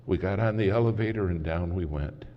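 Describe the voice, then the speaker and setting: A man preaching a sermon as a story, dramatic and swinging from loud to hushed, recorded in a large conference hall. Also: deep voice, a little fast. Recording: muffled hall recording with faint hiss.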